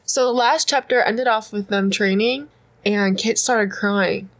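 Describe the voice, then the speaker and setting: A young woman co-hosting a podcast reads fan fiction aloud and teases her co-host, laughing and swearing in casual banter. Her voice is mid-range and her pace measured.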